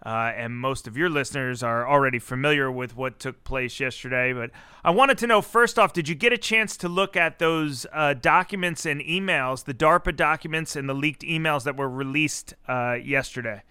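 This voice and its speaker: A man's voice: medium pitch, moderate pace, sharp tone, clean tone, dry recording, clean studio sound. A man hosting a podcast interview, talking conversationally with frequent fillers. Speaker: podcast host.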